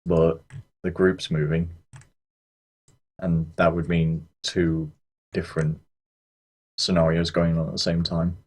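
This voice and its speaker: A man's voice: low-pitched, little pitch movement, takes it slowly, pauses often, husky. A man playing a tabletop game, talking in a hesitant, apologetic way. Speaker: player. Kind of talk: in-character tabletop play.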